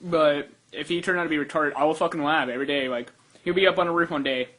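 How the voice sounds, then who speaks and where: A man's voice: fairly high pitch, fairly even intonation, fast, fairly bright tone. Crude, rambling young man ranting. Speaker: rant video maker. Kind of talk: casual rant video.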